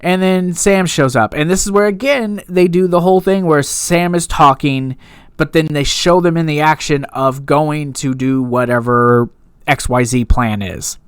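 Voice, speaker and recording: A man's voice: fairly high pitch, unhurried, smooth, no room sound, clean studio sound. A man giving a casual, rambling recap and review of a TV episode, full of fillers and asides.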